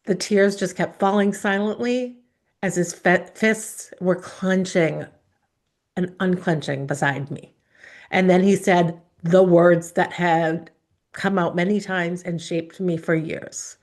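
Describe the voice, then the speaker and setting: A woman's voice: fairly low pitch, steady tone. Earnest woman telling a personal story. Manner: earnest, emotional, dramatic pauses. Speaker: speaker.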